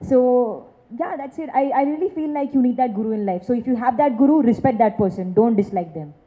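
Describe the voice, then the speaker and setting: Fast-talking young woman, muffled tinny audio. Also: fairly high pitch. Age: 20s. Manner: earnest and quick, with repeated encouragements. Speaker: lead actress. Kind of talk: answering interview questions at an event. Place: film launch event stage. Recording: muffled phone-like sound.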